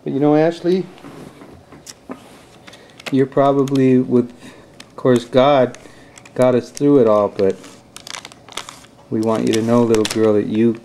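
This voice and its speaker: Dad behind a home camcorder, mellow mid-range voice, earnest, breaks into sing-song calls to a toddler. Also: male voice, mid-range voice, fairly even intonation, slow pace, pauses often, a little hiss or hum. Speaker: father filming his children. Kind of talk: home video narration. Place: family home, indoors. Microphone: handheld camcorder.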